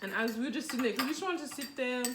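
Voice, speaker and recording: High-voiced Fijian woman telling a story. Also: racing. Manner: animated storytelling, laughing often, many fillers. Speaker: co-host. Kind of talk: casual mukbang chat. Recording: echoey room with background noise. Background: clinking cutlery and dishes.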